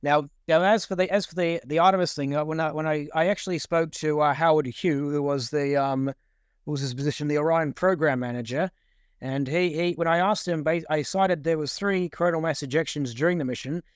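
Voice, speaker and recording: A man's voice: a little high, fairly quick, smooth, no echo, muffled recording. A man in casual discussion, rambling with many repeated words and fillers while reading out passages.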